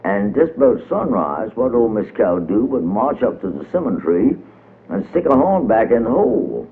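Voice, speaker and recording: Man, rhythmic folk storytelling, lively pitch, tinny old radio sound. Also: moderate pace. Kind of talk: dialect folk-tale reading.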